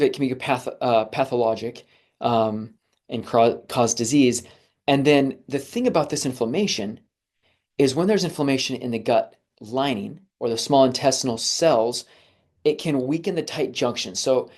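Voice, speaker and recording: Casual, chatty man presenting health slides. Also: mid-range voice. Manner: relaxed, conversational, with frequent fillers and restarts. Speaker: physician presenter.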